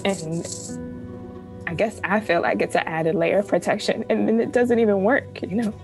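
A woman's voice: medium pitch, steady tone, normal speed, over music, low-quality recording. A woman photojournalist telling her own story candidly, emotional and close to tears, laughing through hard moments. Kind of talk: personal storytelling interview.

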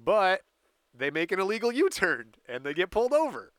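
Bright-voiced man telling a story. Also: high voice, very animated, moderate pace, no room sound. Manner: laughs often while recounting dates and events. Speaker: podcast co-host telling a story. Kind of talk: casual chat.

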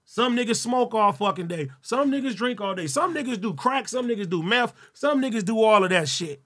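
A man hosting a solo livestream, talking loud and profane with frequent laughter. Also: very high-pitched. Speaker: livestream host. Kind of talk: casual solo livestream chat.

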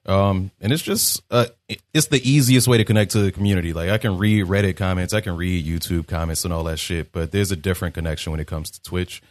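A relaxed man hosts a casual gaming podcast with a fairly low voice. He reads out listener questions and talks in a loose, profane way. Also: fast talker, no echo. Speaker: streamer, podcast host.

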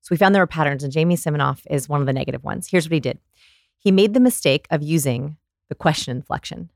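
A woman guest on a podcast, explaining research in an animated, storytelling way and acting out examples. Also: low-pitched, fast talker, vocal fry, no echo, studio quality. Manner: animated storyteller, demonstrates voices. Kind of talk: conversational explaining.

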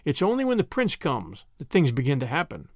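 A man's voice: a little high, huge pitch swings, brisk, no room sound, studio quality, heavily acted. A man reading an audiobook, voicing a dreamy, romantic young woman who speaks in earnest, storybook phrases.

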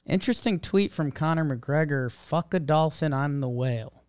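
A man's voice: on the high side, moderate pace, darkish tone, clean tone, no echo. A man co-hosting a podcast, chatting about baseball in a laid-back, wry way. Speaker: podcast co-host. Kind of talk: casual sports chat.

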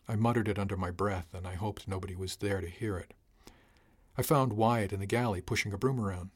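A man giving a measured, dry first-person narration of a sci-fi audiobook. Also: deep voice, fairly even intonation.

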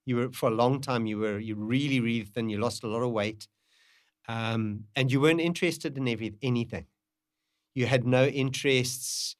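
A middle-aged man talks about his past in a halting, emotional way. He circles back and repeats himself. His voice is close and dry, and sits at an average pitch. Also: dry recording. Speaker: parent, podcast guest. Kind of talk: candid conversation.

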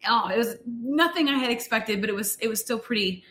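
A woman's voice: on the high side, a little fast. Chatty young woman telling a story in an echoey room. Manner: chatty, candid, with frequent fillers and animated retellings. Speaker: vlogger sharing a birth story. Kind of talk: casual personal storytelling. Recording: roomy echo.

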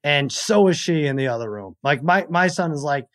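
Man, forties, casual podcast chat, animated storytelling, somewhat high-pitched. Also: normal speed. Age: 40s. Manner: animated storyteller who acts out family members' shouts. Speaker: podcast guest.

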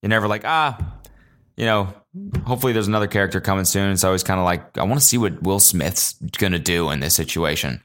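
A young man hosting a casual solo podcast, telling animated stories with lots of swearing and high-pitched acted-out quotes. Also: fast talker. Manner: animated storyteller, swears a lot, jumps high in pitch when acting out quotes. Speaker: podcast host.

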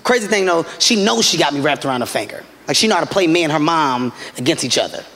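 A man doing a stand-up routine in an animated way, breaking into loud, high shouting. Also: quick pace. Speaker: stand-up comedian. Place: comedy stage before a live audience. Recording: reverberant live room with ambient noise.

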